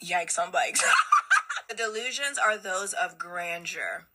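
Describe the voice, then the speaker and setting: A woman's voice: lowish voice, measured pace, heavy background noise. A woman hosting a reaction commentary video, roasting clips with sarcastic quips.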